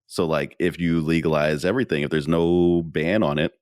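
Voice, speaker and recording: A man with a very deep voice talks through a casual podcast chat, loose and profane and quick to laugh. The sound is close and dry, with no room around it. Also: steady tone, a little mellow, no echo. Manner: laid-back, profane, laughs often. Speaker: podcast co-host.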